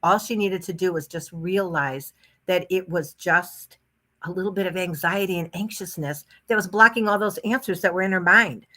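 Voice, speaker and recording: A woman's voice: fairly low pitch, normal speed, sharp tone. A woman guest telling stories in a casual podcast chat, chatty and enthusiastic about her hypnosis work.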